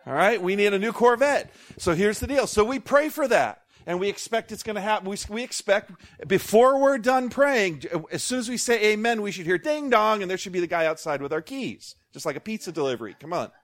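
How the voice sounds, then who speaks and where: A man preaching a sermon as pastor, animated, with jokey asides and call-outs to the congregation. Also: high-pitched, a little fast, hardly any pauses.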